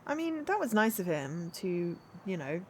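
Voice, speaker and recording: A woman's voice: lowish voice, very animated, moderate pace, a little hiss or hum. A woman streaming a story game, chatting casually in a sleepy, rambling way, often correcting herself and laughing. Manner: rambling, self-correcting, giggly. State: sleepy, yawning. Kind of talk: casual gameplay commentary.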